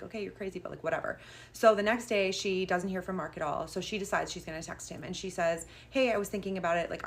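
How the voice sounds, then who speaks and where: A woman's voice: on the low side, slight background noise. Chatty young woman telling a story. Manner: chatty, quoting people with "like". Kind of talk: casual storytime narration.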